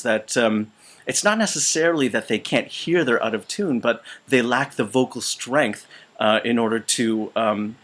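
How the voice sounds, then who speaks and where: A man teaching voice, speaking with a weakened, out-of-shape voice in a halting way full of fillers and restarts. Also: mid-range voice, a bit bright. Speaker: voice teacher and choir conductor. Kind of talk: casual instructional video. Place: small retreat room.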